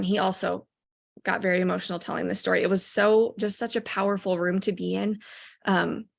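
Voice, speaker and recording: A woman with a somewhat low, creaky voice recaps a company event for her team in a casual, motivational talk. She sounds eager and enthusiastic, rambling with lots of ums and restarting her sentences.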